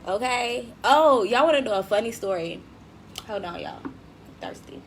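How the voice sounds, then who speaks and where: Young woman host, casual livestream chat, slangy and animated, faint background hiss. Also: on the high side, normal speed. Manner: lively, slangy, laughs often, addresses viewers directly. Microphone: desk mic.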